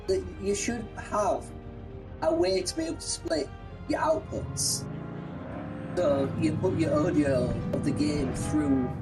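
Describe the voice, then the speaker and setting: A man's voice: on the high side, recorded from a distance, rough recording. A man co-hosting a gaming stream, joking energetically and rambling through tangents. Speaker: co-host. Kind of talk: casual let's-play chat.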